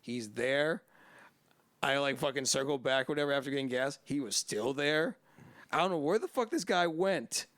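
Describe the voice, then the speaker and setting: Profane storytelling podcast host, close and dry. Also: male voice, mid-range voice, moderate pace, a bit bright, dry recording. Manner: profane rambling storyteller who laughs at his own stories. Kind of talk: casual podcast chat.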